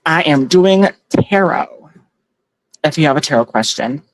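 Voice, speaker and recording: Sitting low and expressive, this woman's voice comes at an unhurried pace with no room sound. She hosts a livestream as a tarot reader, chatty and giggly, warmly naming and thanking viewers while reading out their comments in casual chat.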